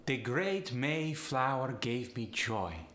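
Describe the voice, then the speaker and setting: A measured Polish-accented speaker, as a man puts it on, placing the voice forward and letting phrases tip upward at the end. The sentences come slowly and evenly, with a sharp, bright tone that rings in a roomy space. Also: mid-range voice. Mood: demonstrating. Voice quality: forward-placed resonance, rising inflection. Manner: slow, even, deliberate example sentences. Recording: roomy echo.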